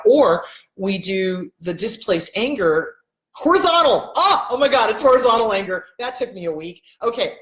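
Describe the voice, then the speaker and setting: A woman's voice: medium pitch, echoey room, rough recording. A woman therapist answering viewer questions in a casual, blunt, emphatic way, swearing freely. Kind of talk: casual advice talk.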